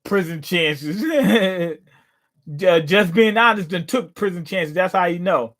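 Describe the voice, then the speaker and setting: A man's voice: high voice, slow, fairly bright tone. A man hosting a casual live reaction, commenting in a slangy, joking way. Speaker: manga reaction host.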